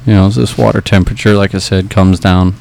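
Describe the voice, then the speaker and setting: A man giving a matter-of-fact fishing report on a talk show, steady and plainspoken. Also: deep voice, quick pace, creaky, slight background noise.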